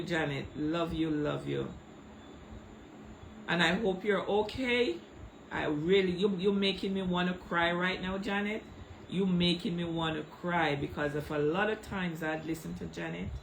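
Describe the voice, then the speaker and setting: Jamaican woman, middle-aged, gravelly, emotional livestream rant, phone mic. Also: fairly low pitch, a bit bright, slight background noise, rough recording. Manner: heated, tearful, speaks Jamaican Patois, addresses chat by name. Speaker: social media livestreamer.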